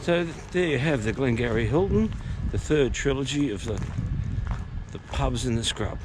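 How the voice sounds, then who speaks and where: Recorded on a handheld camera outside and within a country pub, an Australian man rambles chattily through his casual pub-touring vlog, swearing here and there. His voice sits in the mid range at a normal pace, with background noise present.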